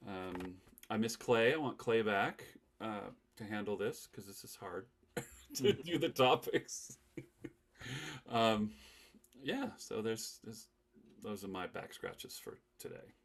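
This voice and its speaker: A man hosting a casual podcast chat, animated and laughing often as he leads the talk. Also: lowish voice, takes it slowly. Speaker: podcast host.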